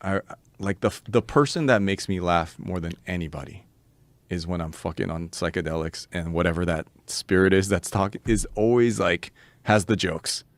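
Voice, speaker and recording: A man's voice: low voice, normal speed, no room sound. A man guest on a podcast, telling a story in casual, rambling, profane chat, laughing often, on a close studio mic.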